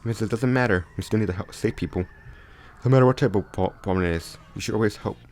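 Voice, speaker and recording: Halting, low-voiced man telling a story. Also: a little mellow. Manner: halting, stumbles and restarts often. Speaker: storyteller retelling a fan crossover story. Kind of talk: casual improvised narration. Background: faint background music.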